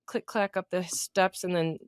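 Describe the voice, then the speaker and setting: A woman's voice: on the low side, steady tone, unhurried, smooth, no echo, clean studio sound. A woman co-hosting a podcast, telling a dating story in casual chat, laughing often and acting out her own thoughts. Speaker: podcast co-host.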